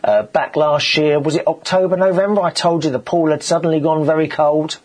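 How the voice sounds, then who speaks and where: A man hosting a show, telling gossipy stories in a casual, animated monologue. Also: a little high, fairly quick, slightly rough. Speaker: show host.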